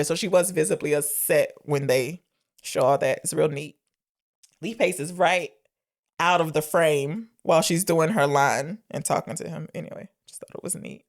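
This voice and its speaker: A woman co-hosting a podcast, casually retelling a film's scenes and quoting its lines with animated voices. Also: low voice, moderate pace. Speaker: podcast co-host. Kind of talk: casual film review chat.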